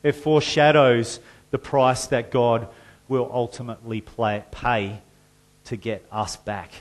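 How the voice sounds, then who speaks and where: A male pastor preaching a sermon, moving between conversational explanation and loud, forceful reading of scripture. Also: medium pitch, steady tone, a little slow. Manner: reads scripture loudly and forcefully, then drops to a conversational tone.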